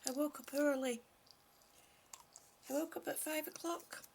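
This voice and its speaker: A woman hosting a casual live stream, greeting viewers by name, short of breath and breathy, often dropping to a whisper. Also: sits high, steady tone, a little slow, a little mellow, slight background noise. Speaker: livestream host.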